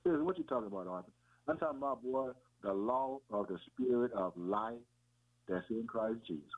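A man's voice: medium pitch, expressive, brisk. Folksy preacher man on tinny radio. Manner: folksy, peppers talk with "man" and "boy", repeats himself. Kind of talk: informal sermon. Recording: tinny phone-like radio audio.

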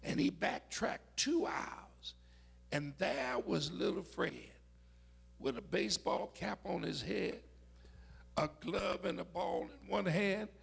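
A man preaching a sermon, telling stories with dramatic shouted peaks. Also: high-pitched, creaky, breathy edge.

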